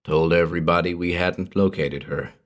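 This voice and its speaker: A man voicing a superstitious old backwoods hermit, in a slow rustic drawl that keeps dropping to a hushed, ominous tone. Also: low voice, steady tone, close to an everyday voice.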